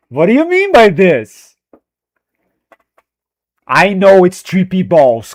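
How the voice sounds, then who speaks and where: A male streamer talks casually to his chat while editing footage, drifting from thought to thought and poking fun at himself. His voice sits a little high. The sound is close and dry, with no room echo. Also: wildly swooping pitch, slow, pauses often. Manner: rambling, self-deprecating, often laughing.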